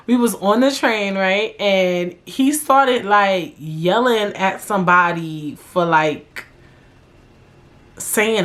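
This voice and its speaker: A young woman from New York hosting a podcast, telling a story in an animated, profane, slangy way. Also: medium pitch. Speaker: podcast host. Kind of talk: casual storytelling monologue.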